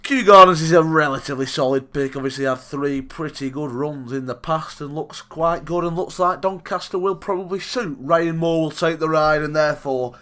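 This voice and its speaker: A man's voice: on the high side, normal speed, few pauses. A young man co-hosting a casual sports podcast, teasing his co-host drily and running through racing tips. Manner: dry teasing, deadpan tips.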